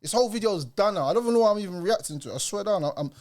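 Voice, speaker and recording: A young man with a British accent, reacting with heated, emphatic conviction in a casual street style. His voice sits a little higher than most men's. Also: expressive, very fast, darkish tone. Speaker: reaction video host.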